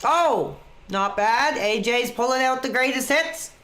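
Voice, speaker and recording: A man's voice: very high-pitched, unhurried, pushed and bright. A man chatting casually on a webcam stream, reacting to a wrestling match as he watches along. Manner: laid-back, chatty, reacting to the action.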